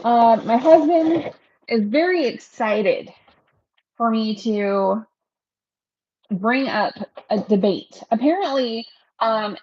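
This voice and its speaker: A woman's voice: mid-range voice, warm tone, dry recording, lo-fi sound. A woman chatting casually on a livestream, rambling from one thing to the next and laughing often. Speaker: realtor hosting a livestream.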